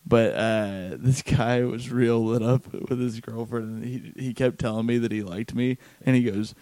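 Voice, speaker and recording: Man, comedian, casual chat, laughs a lot, mellow voice, dry sound. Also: mid-range voice, normal speed, no echo. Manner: laid-back, laughs often, swears. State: tired. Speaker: stand-up comedian, podcast host.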